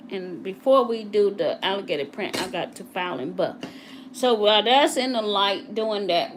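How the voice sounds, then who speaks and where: A woman's voice: medium pitch, a little hiss or hum. A woman, a nail technician, chatting casually with live viewers as she works. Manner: chatty, talks to live viewers while working. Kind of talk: casual live tutorial chat.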